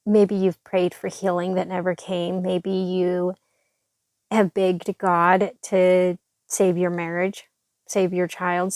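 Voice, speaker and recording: A woman's voice: fairly low pitch, darkish tone, no room sound. A woman hosting a devotional podcast, speaking earnestly and encouragingly with a stuffy, congested voice. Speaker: podcast host.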